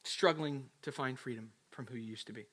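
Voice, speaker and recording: A male pastor preaching an energetic, emphatic sermon with storytelling. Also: mid-range voice, a little fast.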